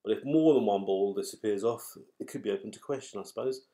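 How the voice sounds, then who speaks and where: A man hosting a live raffle draw, calling out numbers and names in a chatty, wry, unhurried way. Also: lowish voice, background noise. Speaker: raffle host drawing numbered balls.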